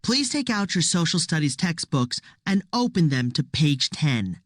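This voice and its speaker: A woman reading aloud as a patient, pitying schoolteacher who speaks slowly and carefully to her class. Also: low-pitched, big pitch swings, no echo, clean studio sound, exaggerated voice. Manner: slow, careful classroom speech.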